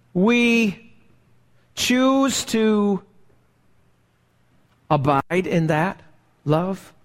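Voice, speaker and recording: A man preaching a live sermon as pastor, slow and emphatic, asking the congregation rhetorical questions. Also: sits high. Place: church sanctuary. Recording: live church recording with long reverb.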